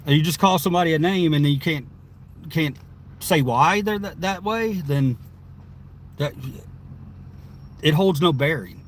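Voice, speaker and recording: A man's voice: a little high, measured pace, pauses often, slight background noise. Chatty man streaming from his car. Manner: rambling and chatty, laughs often. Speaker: live streamer reading chat. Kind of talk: casual live stream chat. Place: inside a parked car.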